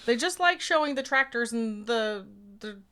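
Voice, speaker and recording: A woman co-hosting a casual movie recap podcast, full of jokey asides and sarcastic quips. Her voice sits a little higher than most women's. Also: lively intonation, moderate pace, bright, forceful tone. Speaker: podcast co-host.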